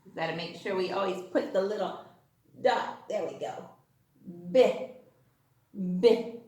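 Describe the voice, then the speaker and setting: A woman kindergarten teacher giving an online phonics lesson to young children, in a sing-song voice full of gasps and excited exclamations. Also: medium pitch, slow pace. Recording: echoey room.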